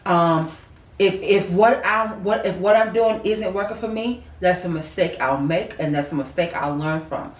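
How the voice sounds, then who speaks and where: A woman's voice: fairly low pitch, moderate pace, far from the mic. Emphatic woman, roomy and off-mic. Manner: emphatic, repeats herself for emphasis. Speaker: co-host. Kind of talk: casual heartfelt chat.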